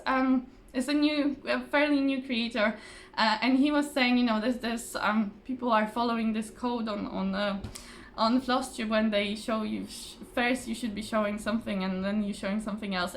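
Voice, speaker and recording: Woman, casual craft vlogger, highish voice, rambling and chatty, slightly tired voice. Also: fairly even intonation, normal speed, a little hiss or hum. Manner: chatty, rambling, many fillers and restarts; laughs often. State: voice a little tired. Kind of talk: casual chat to camera. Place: home, at a table. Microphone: phone or camera on the table.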